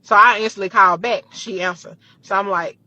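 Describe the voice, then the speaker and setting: A woman vlogger casually retelling a personal story, animated and full of profanity. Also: mid-range voice, a little fast, no echo.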